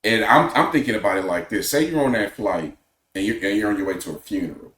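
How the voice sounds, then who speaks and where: A man hosting a podcast, giving measured, opinionated casual commentary. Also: fairly low pitch, expressive, a bit bright, reverberant. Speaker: podcast host.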